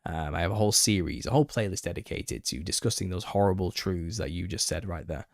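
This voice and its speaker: Male live-stream host, slightly raspy, lowish voice, dry close recording, reacts bluntly to chat. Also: fast talker, dry recording. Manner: reads out chat comments and retorts, exasperated, laughing. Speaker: channel host answering viewer questions.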